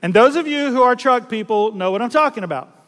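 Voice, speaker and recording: High-voiced pastor in a hall. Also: male voice, quick pace. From South Louisiana. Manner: folksy, animated storyteller who acts out voices and laughs at himself. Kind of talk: storytelling sermon.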